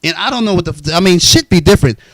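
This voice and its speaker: A man tells his story straight to camera in a blunt, profane, heated way. His voice sits on the high side and swoops widely up and down. The sound is dry and close. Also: lively intonation, fast talker, a bit bright, no echo, rough recording. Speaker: vlogger telling his life story. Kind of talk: unscripted storytelling monologue.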